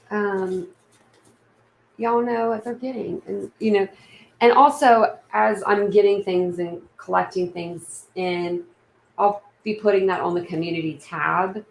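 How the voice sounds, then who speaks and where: Gravelly Southern woman chatting on a livestream. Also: on the low side, echoey room, a little hiss or hum, rough recording. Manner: rambling, chatty, many fillers. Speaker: livestream host. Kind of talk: casual livestream chat. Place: room at home.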